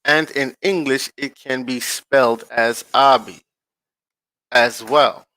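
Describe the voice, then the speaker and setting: Slow, bright-voiced man reading aloud. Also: mid-range voice, steady tone, dry recording, poor audio. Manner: slow, drawn-out reading with frequent checks to the listeners; addresses viewers directly in casual slang. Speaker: online channel host. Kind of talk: casual commentary reading from a screen-shared page.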